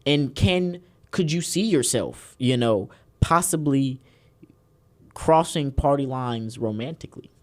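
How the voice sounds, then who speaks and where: A man's voice: medium pitch, lively intonation, slow pace. A man with a Southern US accent hosting a casual political podcast, joking and rambling with theatrical emphasis. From Houston, Texas. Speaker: podcast host.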